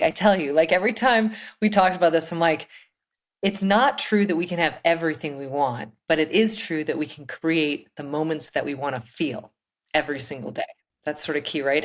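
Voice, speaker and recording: A woman with a notably low voice, co-hosting a casual podcast chat. She speaks confidently like a coach and keeps turning ideas into rhetorical questions for the listener. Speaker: podcast co-host.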